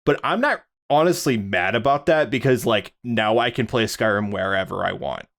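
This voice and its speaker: Another man co-hosting the podcast chats casually, rambling with plenty of fillers and false starts. He speaks at a moderate pace in a fairly low, slightly bright voice with some vocal fry.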